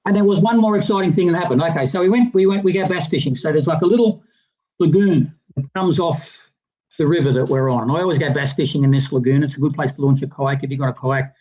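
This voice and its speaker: A man telling a rambling, animated fishing story in casual livestream chat, with plenty of restarts. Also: fairly high pitch, fast talker, rough recording. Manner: rambling, animated anecdote teller with many restarts.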